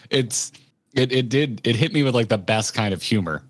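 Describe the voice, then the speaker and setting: A man hosting a podcast, chatting in a candid, expressive way and swearing casually. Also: mid-range voice, a little slow, no room sound, clean studio sound. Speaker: podcast host.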